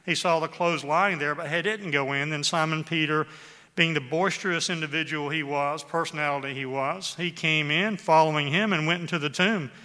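Bright-voiced male preacher in a reverberant hall. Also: fairly high pitch. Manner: reads scripture aloud with dramatic emphasis, slowing on key words. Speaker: pastor. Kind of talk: sermon. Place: church hall with a congregation.

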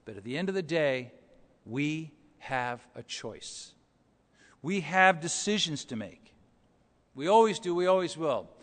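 Storytelling preacher in a reverberant church. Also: male voice, a little high, lively intonation, unhurried. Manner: storytelling, swings between soft and loud. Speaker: pastor. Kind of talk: sermon.

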